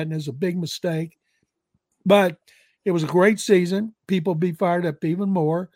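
A man's voice: high voice, a little mellow, no echo. A man in his sixties with a Southern accent, a veteran football writer telling rambling anecdotes and giving blunt opinions on a podcast. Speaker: veteran NFL writer, guest. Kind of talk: casual storytelling and football analysis.

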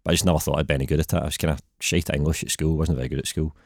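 Deep-voiced Glaswegian man. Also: fairly even intonation, racing, gravelly, a little mellow, no room sound, clean studio sound. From Scotland. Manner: laid-back, laughs easily. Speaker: guest writer. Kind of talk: casual podcast chat.

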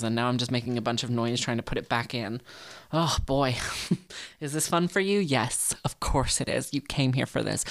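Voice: mid-range voice, no echo, clean studio sound. A young adult podcast host chatting alone in a rambling, self-mocking way, with lots of fillers and restarts. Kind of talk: casual solo podcast chat.

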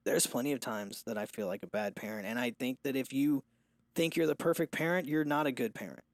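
Young dad chatting on a podcast, rambly, honest, stops and starts, dry close mic. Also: male voice, medium pitch, a little fast, dry recording. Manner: candid, rambling, restarts and trails off. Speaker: podcast co-host, father. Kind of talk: casual chat.

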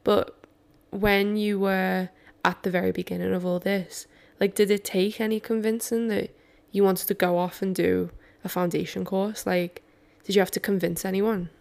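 A woman's voice: mid-range voice, flat delivery, normal speed, creaky, darkish tone. A woman interviewing a guest, asking her questions hesitantly with many fillers.

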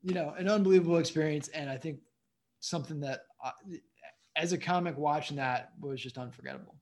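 A man's voice: a little high, a little fast, darkish tone. A man, a stand-up comedian, telling stories casually in a podcast interview, rambling with lots of "you know what I mean.". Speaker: comedian guest.

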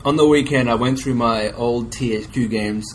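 A man's voice: mid-range voice, normal speed, a little hiss or hum, rough recording. Easygoing guy chatting. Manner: easygoing, rambling with restarts. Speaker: podcast co-host. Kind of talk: casual chat.

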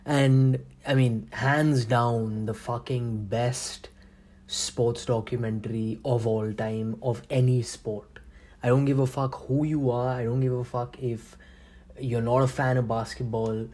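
Brief: young male podcast host, dark mellow voice, loose and profane, emphatic rants. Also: mid-range voice, fairly even intonation, unhurried. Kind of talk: casual podcast monologue.

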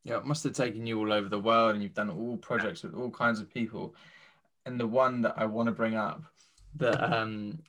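A man's voice: on the low side, steady tone, normal speed, fairly bright tone. A man hosting a casual interview, asking his guest questions with eager admiration. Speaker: interviewer, host.

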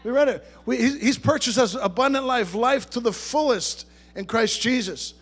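A man's voice: very high-pitched, moderate pace, slightly rough. A man preaching a sermon to a congregation, talking conversationally, joking with the listeners, and rising to emphatic bursts. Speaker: pastor.

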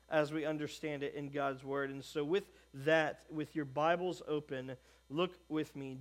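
Slow, emphatic high-voiced male preacher. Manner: quiet, hushed prayer. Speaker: pastor. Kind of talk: sermon.

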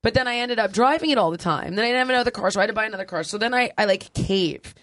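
A woman's voice: a little high, rapid-fire, no echo, studio quality. A woman in her forties, a podcast host, telling a crude, funny family story in casual chat, laughing often. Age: 40s. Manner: animated, laughing, crude humor.

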